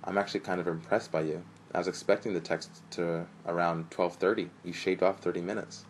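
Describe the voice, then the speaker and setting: A man's voice: low voice, fairly even intonation, a little fast, slight background noise, natural voice. A man reading aloud, voicing a sweet, teasing young woman with a Persian accent in a spoken story. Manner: matter-of-fact, teasing. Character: sweet young woman girlfriend, coy, traditional.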